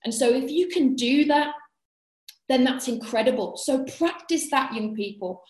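A woman giving an earnest devotional talk to young people, often checking in with a quick "yeah?". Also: high-pitched, animated, darkish tone. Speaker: youth speaker. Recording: echoey room.

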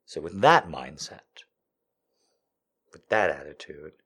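A man hosting a live podcast, telling a story to his chat, dropping from hushed whispers to loud, profane, teasing jokes. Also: extremely low pitch, big pitch swings, takes it slowly, slightly rough. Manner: swings from hushed whispers to loud crude joking. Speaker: livestream podcast host.

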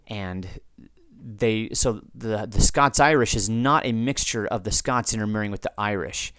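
A man's voice: lowish voice, measured pace, a bit bright, clean tone, no echo, clean studio sound. A man hosting a podcast, talking off the cuff to answer listener feedback, rambling with restarts and asides. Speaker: podcast host.

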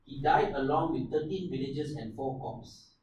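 A man with a Malaysian English accent, co-hosting a podcast and retelling a historical event in a casual, animated way. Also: fairly high pitch, normal speed, heavy reverb, recorded from a distance, slight background noise, low-quality recording. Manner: animated storyteller, slips into silly voices. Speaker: podcast co-host.

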